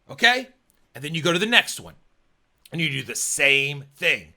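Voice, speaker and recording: Guy coaching test takers, high bright voice bouncing all over, slangy and hyped. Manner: animated, slangy, acts out student thoughts in quick asides. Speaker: exam prep coach. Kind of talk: energetic tutorial talk to camera.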